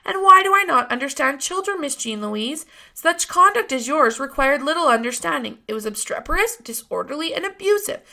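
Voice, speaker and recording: A woman's voice: high voice, animated, brisk, vocal fry, few pauses, sharp tone, pitched above the performer's own voice, full character voice. A woman voicing a stern but kindly grown man who lectures a child in a storybook reading. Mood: lecturing.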